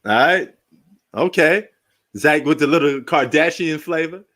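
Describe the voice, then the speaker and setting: A man riffs casually over a live basketball game. His voice sits a little high, and he rambles from story to joke, laughing often as he goes. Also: measured pace, fairly bright tone. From New York. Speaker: sports live-stream host.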